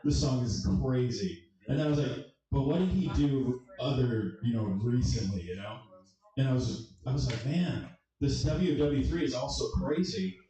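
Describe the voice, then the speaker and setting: A man's voice: medium pitch, animated, moderate pace. A man doing a casual stand-up set, bantering with the crowd. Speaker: stand-up comic. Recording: echoey club from far off with crowd.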